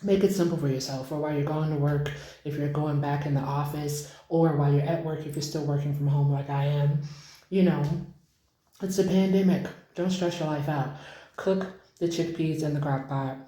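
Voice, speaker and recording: A young woman chatting casually to viewers while cooking and tasting food in her home kitchen, excitable and informal. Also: sits low, normal speed, roomy sound, poor audio.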